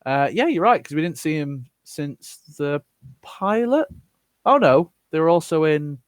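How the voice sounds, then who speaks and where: A man's voice: medium pitch, no echo. A man hosting a live stream, reading viewers' comments aloud and answering them bluntly with plenty of swearing. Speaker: channel host answering live chat. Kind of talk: casual live-stream chat.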